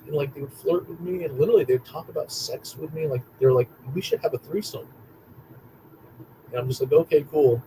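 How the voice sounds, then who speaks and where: Young guy ranting and rambling, kinda high voice, cusses a lot, faint hiss behind. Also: low-quality recording. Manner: excitable, profane, repetitive storytelling. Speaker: vlogger. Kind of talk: rambling casual monologue.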